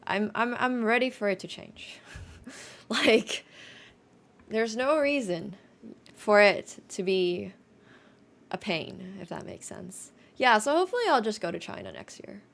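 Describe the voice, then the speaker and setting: A woman's voice: medium pitch, expressive, a little slow, gravelly, long pauses, a bit bright. A woman in her twenties with a Californian accent, chatting casually on a livestream in a wry, self-deprecating way. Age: 20s. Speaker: chess streamer.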